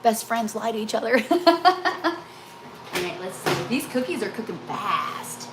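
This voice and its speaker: A woman's voice: fairly high pitch, sing-song, takes it slowly, noisy background. A middle-aged woman chatting casually during a live cooking stream at home, telling a rambling, emotional story. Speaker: cooking livestream host. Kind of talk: casual chat while baking live.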